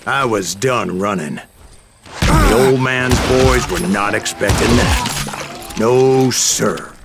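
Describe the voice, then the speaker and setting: An actor playing an older, boastful bounty hunter who narrates tall tales in a drawling video game voice. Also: male voice, medium pitch, slow, loud music behind the voice. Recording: noisy game audio.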